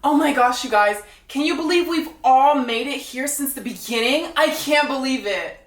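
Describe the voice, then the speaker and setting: A woman mimicking a gushing, fake-sweet young woman in a high, sing-song, effusive voice. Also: normal speed, lightly acted. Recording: echoey room, mic at a distance.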